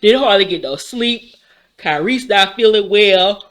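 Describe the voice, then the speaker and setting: Yawning and tired, a woman in her forties goes over a reality show in lively, casual chatter full of swearing and laughter. Her voice sits at a medium pitch with a measured pace.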